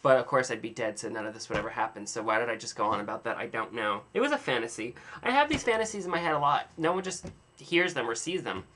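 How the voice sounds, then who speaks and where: A man's voice: mid-range voice, lively intonation, fast talker, pushed and bright. A young man rambling in a casual video diary, telling an exaggerated, dramatic story with playful self-mockery. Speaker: vlogger.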